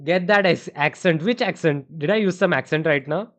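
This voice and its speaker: Indian chess streamer thinking aloud. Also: male voice, fairly high pitch, normal speed, fairly bright tone. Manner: calculates chess lines aloud, muttering variations and answering chat. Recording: dull, muffled stream audio.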